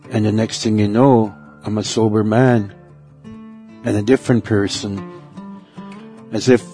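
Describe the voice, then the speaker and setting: A middle-aged man telling his personal faith testimony in a halting way, repeating words and letting phrases trail off. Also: fairly low pitch. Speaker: testimony speaker. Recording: soft guitar music behind.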